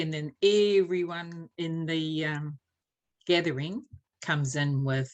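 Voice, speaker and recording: A woman presenting a church language series, unhurried with many fillers, teaching Māori pronunciation through spoken examples. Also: low-pitched, darkish tone, dull audio. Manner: unhurried, filler-heavy explanations.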